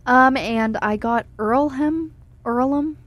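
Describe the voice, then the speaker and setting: A woman co-hosting a college radio show, chatting with bubbly, upbeat energy. Her voice sits a little high. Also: slow, dry recording. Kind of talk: casual radio chat.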